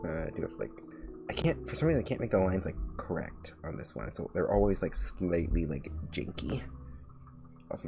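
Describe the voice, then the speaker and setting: Young male vtuber with a very low voice, chatty and rambling over faint background music. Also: big pitch swings, a little fast, creaky. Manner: rambling, full of filler "like"s and restarts. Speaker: vtuber streamer. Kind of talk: casual chat while drawing on stream.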